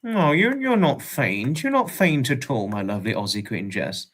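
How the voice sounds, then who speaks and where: A man's voice: medium pitch, very animated, normal speed, fairly bright tone. Affectionate man chatting with viewers. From United Kingdom. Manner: affectionate, greets viewers as darling, chuckles often. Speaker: livestream host. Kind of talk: casual chat reading out viewer comments.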